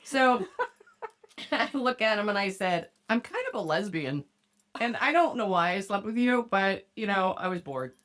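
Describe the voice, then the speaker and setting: A woman's voice: mid-range voice, lively intonation, measured pace, fairly bright tone. A woman hosting a podcast, telling a profane story in casual chat and laughing often. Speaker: podcast host.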